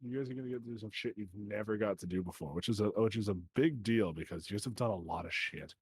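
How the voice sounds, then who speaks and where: A man's voice: fairly low pitch, fast, slightly rough, no room sound. A man with a Canadian accent, the game master, chatting animatedly and swearing freely during a stream break. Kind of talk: casual chat before a tabletop game stream.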